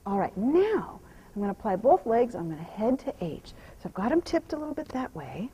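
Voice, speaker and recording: A woman horse trainer talking out loud while she rides, softly praising the horse and explaining each step. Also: on the high side, very animated, brisk, slight background noise, rough recording. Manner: soothing praise to the horse, mixed with quiet running explanation. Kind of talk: narrating while riding.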